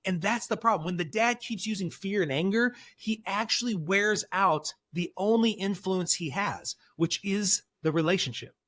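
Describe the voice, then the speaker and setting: A middle-aged counselor appears as a podcast guest, speaking earnestly and emphatically and acting out snippets of dialogue in his stories. His voice is high and fairly bright, at a normal speed with hardly any pauses, captured in a clean studio with no echo.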